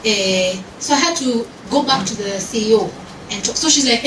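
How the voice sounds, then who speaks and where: Speaking at a normal speed in a mid-range voice, this female panelist tells animated stories and code-switches into Swahili during a lively talk where the audience joins in. She's in an event hall with a crowd, recorded from a distance in an echoey, noisy room.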